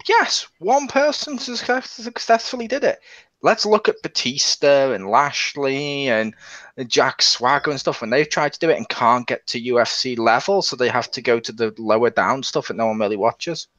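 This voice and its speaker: A man co-hosting a casual review podcast, talking in an animated, mocking way and acting out characters as he talks. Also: medium pitch, normal speed, dry recording, dull audio. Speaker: podcast co-host. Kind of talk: casual chat.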